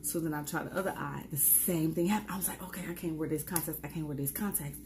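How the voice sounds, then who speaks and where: A young woman with a New York accent tells a storytime vlog in a casual, slangy way. She acts out her own reactions with sudden high squeals and talks in quick bursts. Her voice sits a little low, with faint noise behind it. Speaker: vlogger.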